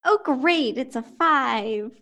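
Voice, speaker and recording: An excitable young-sounding woman plays a tabletop role-playing game, giggling often. Her voice sits a little high and swoops up and down with lively energy. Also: takes it slowly. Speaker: player.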